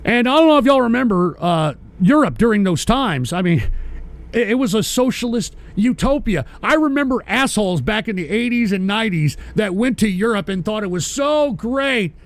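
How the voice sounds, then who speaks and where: A man's voice: high voice, animated, normal speed. A man hosting a live-streamed political show, ranting and berating his listeners with constant profanity. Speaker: host.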